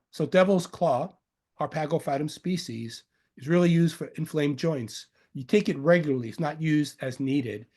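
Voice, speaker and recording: A man from Long Island, New York, speaking with a faint accent in a medium-pitched, darkish, slightly rough voice. He teaches about medicinal herbs in an informal, meandering lecture, joking, using fillers, and correcting himself.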